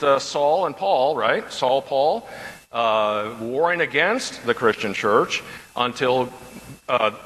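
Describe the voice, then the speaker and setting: A man's voice: mid-range voice, sharp tone, in a large hall, low-quality recording. A man teaching a Bible class as a pastor, talking conversationally and repeating questions from the class.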